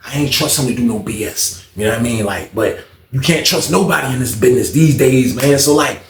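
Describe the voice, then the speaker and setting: A man's voice: mid-range voice, a little fast, a little hiss or hum. A man telling a casual storytime story, slangy and profane, acting out each person's lines. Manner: slangy, profane, acts out every voice. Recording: echoey room, faint ambience.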